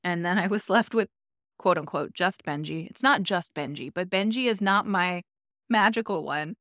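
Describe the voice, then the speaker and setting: Podcast host, woman, lower voice, dry close mic, conversational. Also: moderate pace, a bit bright, no echo. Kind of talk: casual interview talk.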